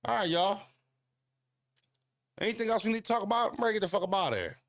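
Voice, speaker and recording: A man's voice: sits high, quick pace, a bit bright, dry recording, clean studio sound. A man hosting a casual walking livestream, talking bluntly and profanely, rambling with lots of fillers and answering viewers' comments. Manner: talks back to viewer comments. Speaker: channel host.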